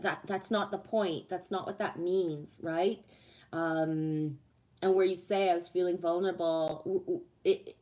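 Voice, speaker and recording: A woman's voice: fairly low pitch, a little mellow. A woman chatting casually on a live stream, reading the chat, swearing freely and laughing at herself.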